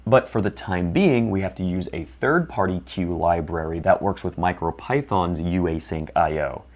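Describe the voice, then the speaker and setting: Low-voiced man explaining code. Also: a little mellow. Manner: plain, methodical, step-by-step explaining. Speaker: instructor. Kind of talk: screen-recorded coding tutorial.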